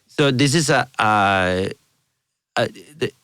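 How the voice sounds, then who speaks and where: A middle-aged man from Spain with a thick Spanish accent, a guest telling animated stories in a casual interview, laughing often and restarting his sentences. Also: medium pitch, slow, clean tone, dry recording. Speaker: guest, orchestra conductor.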